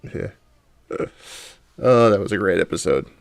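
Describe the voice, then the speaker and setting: A podcast host with a low, gravelly voice that swings widely in pitch as he tells stories. He laughs often and keeps things casual. The sound is dry and close. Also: expressive, unhurried, dry recording. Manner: laughs often while telling anecdotes. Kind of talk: casual chat.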